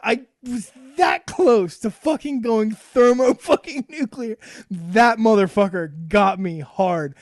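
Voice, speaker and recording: A man in his thirties co-hosts a relaxed podcast chat, telling stories with lots of energy. His voice sits a bit high and sounds dry and close to the mic. He swears freely and breaks into laughter often. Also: slow pace, no echo. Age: 30s. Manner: animated storyteller, swears a lot, laughs often. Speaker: podcast co-host. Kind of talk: casual boozy podcast chat.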